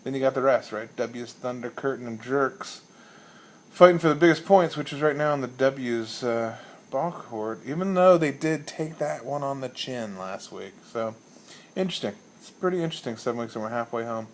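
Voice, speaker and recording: Dude rambling through a sweary deadpan story, mid-pitched voice, casual league preview. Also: male voice, normal speed. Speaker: fantasy league commissioner. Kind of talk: casual comedic monologue.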